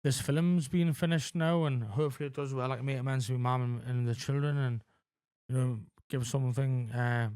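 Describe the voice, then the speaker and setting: A man in his forties talking candidly as a podcast guest, halting with lots of fillers and frequent swearing. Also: mid-range voice, steady tone, a little mellow, clean tone, no room sound, studio quality. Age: 40s. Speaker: podcast guest in addiction recovery. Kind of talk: candid conversational interview.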